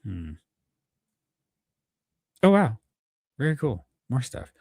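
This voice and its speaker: A man's voice: medium pitch, big pitch swings, slow, a little mellow, no echo, studio quality. A man hosting a live stream, chatting casually, thinking aloud and reading out viewer comments. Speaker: host.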